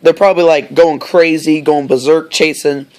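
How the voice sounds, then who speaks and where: A man's voice: fairly high pitch, steady tone, moderate pace. A man casually retelling a story, rambling with many fillers and side comments.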